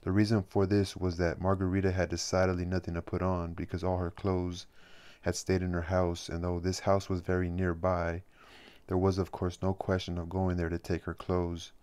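Deep-voiced guy reading a novel aloud, steady and flat, stumbles now and then. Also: clean tone. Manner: measured, steady, occasional restarts. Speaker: audiobook reader.

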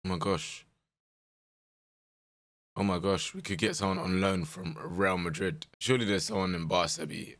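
A young man with a strained voice, giving animated, slangy commentary while playing a management game. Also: deep voice, normal speed, creaky, long pauses. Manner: animated, exclaiming, slangy banter. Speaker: gaming content creator. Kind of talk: casual gameplay commentary.

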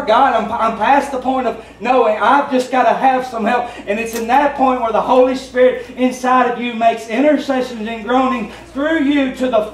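High-voiced Southern pastor preaching. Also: male voice. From Tennessee. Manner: plainspoken, folksy, conversational preaching. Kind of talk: sermon. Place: church sanctuary. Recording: roomy church sound from a distant mic, faint hum.

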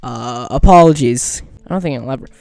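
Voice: medium pitch, fairly quick, vocal fry, a little mellow, dry recording. A game streamer reading the dialogue aloud and cracking jokes over the gameplay. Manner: jokey, goofy, riffs on the game text.

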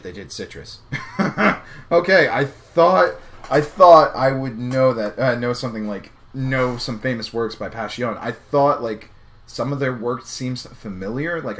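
A man talks through an anime episode as he watches it. His voice is bright and a little tense, and it swings widely up and down in pitch. He is excitable and chatty, and he stops often to think aloud. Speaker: anime reaction vlogger. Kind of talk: live reaction commentary.

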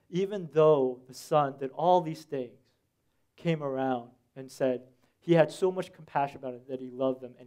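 A young man preaching a sermon as a pastor, telling stories in an animated way with slangy asides. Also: a little high, clear, resonant tone.

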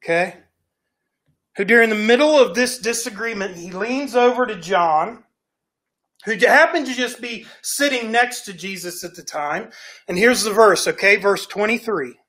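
High, bright-voiced folksy preacher man. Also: lively intonation, normal speed. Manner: folksy, storytelling with frequent "right?" and "okay?". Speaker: pastor. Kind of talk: sermon. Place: church sanctuary.

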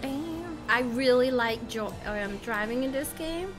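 A woman's voice: on the high side, measured pace, music in the background. A woman streaming a video game, chatting and giggling to herself and her viewers at a desk mic. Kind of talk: casual live-stream chat while playing.

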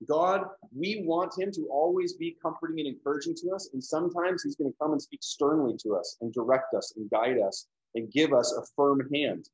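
A man's voice: on the high side, moderate pace, few pauses, low-quality recording. A man giving a casual lecture on a Bible book, talking conversationally with frequent check-ins to his listeners.

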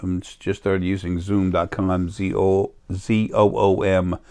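A man's voice: deep voice, little pitch movement, measured pace, warm tone, clean tone. A man in a rambling, self-interrupting casual monologue as a spiritual healer, recorded on a laptop or phone.

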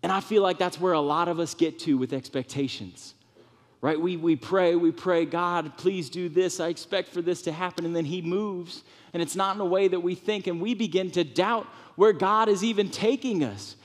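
A man delivers a sermon in a church sanctuary with an animated, shifting delivery. His voice sits on the high side. Long reverb from the hall trails his words. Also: moderate pace. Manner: animated preaching, drops to soft tones for comfort, rises high for emphasis. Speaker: pastor.

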